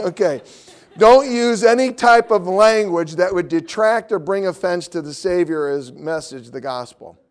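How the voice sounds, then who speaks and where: A man teaching a class on evangelism in a lively way, laughing often and acting out voices. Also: sits high, unhurried. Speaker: evangelism trainer.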